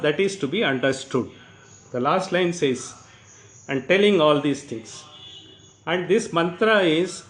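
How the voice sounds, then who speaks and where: An older man from India, giving an unhurried spiritual discourse, often saying "you know" and chanting verses slowly. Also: a little high, low-quality recording. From South India. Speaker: teacher of scripture.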